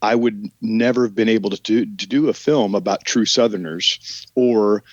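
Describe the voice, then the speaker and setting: A man's voice: fairly low pitch, moderate pace, darkish tone, no room sound, highs cut off. A man with a Southern American drawl, an actor guest talking in a casual podcast interview, rambling with many restarts and trailing sentences.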